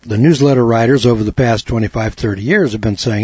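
A man's voice: mid-range voice, quick pace, a little mellow, breathy edge. A middle-aged man giving a talk radio monologue in a folksy, sarcastic way, full of rhetorical questions. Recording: dull lo-fi dry recording.

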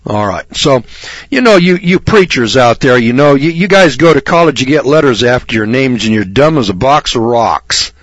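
Blunt, sarcastic male preacher, mid-pitched, dry close sound. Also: lively intonation, no room sound. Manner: blunt, sarcastic, rambling, mocking; reads scripture slowly and deliberately. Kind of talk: fire-and-brimstone radio sermon.

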